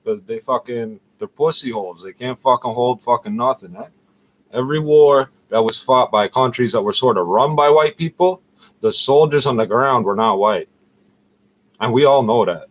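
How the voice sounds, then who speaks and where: A Canadian man in pain, ranting heatedly and profanely in an angry vlog monologue. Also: medium pitch. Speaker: vlogger. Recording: dull lo-fi recording with faint noise.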